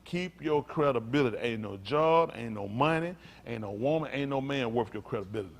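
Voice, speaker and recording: A male pastor preaching a sermon in a folksy style, calling out to his congregation and swinging from loud, high bursts down to low, quiet lines. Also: fairly quick, gravelly. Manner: animated preaching, leaps high and loud for emphasis, then drops low; folksy vernacular, calls out to the congregation. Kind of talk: sermon teaching.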